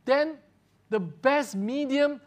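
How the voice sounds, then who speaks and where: A man's voice: very high-pitched, takes it slowly. A man preaching a sermon, often restarting words and asking rhetorical questions. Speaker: pastor.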